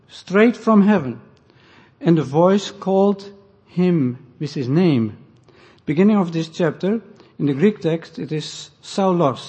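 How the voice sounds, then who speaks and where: A man preaching an expository sermon, deliberately explaining scripture and the Greek and Hebrew words. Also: fairly high pitch, mellow, husky. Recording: muffled, echoey hall recording.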